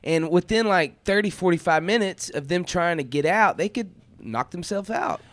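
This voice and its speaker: A man's voice: sits high, animated, normal speed, fairly bright tone, no room sound. A man co-hosting a radio show, explaining things in a conversational way from a studio. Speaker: radio co-host. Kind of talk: casual radio chat.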